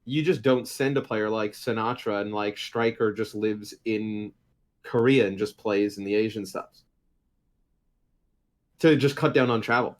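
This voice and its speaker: A man's voice: fairly low pitch, steady tone, unhurried. A man co-hosting an esports podcast, rambling and filling gaps with "like" and "uh", mic held a bit far from his mouth. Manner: rambling, heavy on "like" and "uh". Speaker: podcast co-host. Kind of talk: casual esports chat.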